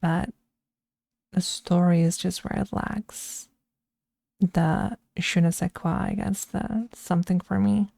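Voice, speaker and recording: A woman streamer chatting casually and giving her opinions in an unhurried way. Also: on the low side, steady tone, creaky, warm tone, no echo, studio quality. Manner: unhurried and opinionated, with frequent restarts. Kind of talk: casual chat, ranking films.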